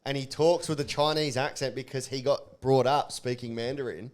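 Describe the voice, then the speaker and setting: A man's voice: mid-range voice, steady tone, normal speed. Man, cheeky, crude jokes, swears, casual podcast chat. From Australia. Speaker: podcast host.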